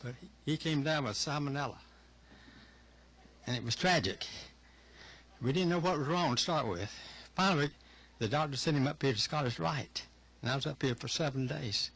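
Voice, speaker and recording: Testifying at a legislative hearing, an older man from Georgia, USA, speaks in a husky, slightly high, somewhat bright voice. His public testimony is earnest and halting as he pauses to collect himself during an emotional retelling of his story.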